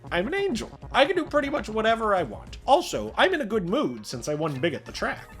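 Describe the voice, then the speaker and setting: A woman's voice: on the high side, sing-song, a little fast, soft background music. A woman voicing a playful old male angel who gambles, cheery and teasing.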